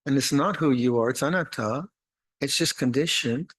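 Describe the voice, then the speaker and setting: An older man gives a dharma talk at a meditation retreat, his voice at an ordinary middle pitch. He speaks slowly and haltingly, often repeating words and restarting his sentences. His manner is gentle and wry as he teaches. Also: low-quality recording. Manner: gentle, wry, laughs at his own jokes.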